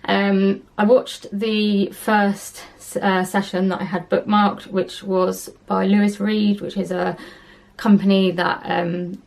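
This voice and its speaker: A woman's voice: mid-range voice, level tone, slow pace, vocal fry, few pauses, darkish tone. A young woman chatting casually to camera in her vlog, rambling along with plenty of ums and little laughs. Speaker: vlogger.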